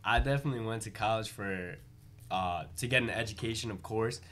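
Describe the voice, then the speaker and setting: A man's voice: lowish voice, a little fast, a bit bright. Young Long Island man, earnest. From Long Island, New York. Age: young adult. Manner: earnest, uses many likes and uhs. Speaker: student guest. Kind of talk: casual interview chat.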